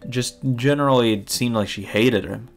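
A man's voice: medium pitch, normal speed, soft background music. A man reading a visual novel aloud and adding heated, profane commentary. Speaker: let's play host.

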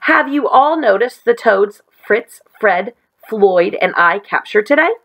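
A woman's voice: mid-range voice, animated, takes it slowly, gravelly, muffled recording, heavily acted. Woman doing a gloating bossy weasel leader. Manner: gloating, yelling.

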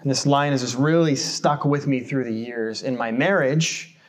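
A man's voice: mid-range voice, normal speed. A man from the United States preaching a sermon in a church, conversational and self-deprecating, often putting rhetorical questions to the congregation. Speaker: pastor.

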